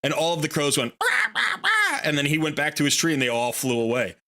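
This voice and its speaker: This game streamer talks fast in a fairly high, fairly bright voice with a steady tone. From a room at home beside a window, he chats casually and tells a long, rambling tale sprinkled with playful voiced asides.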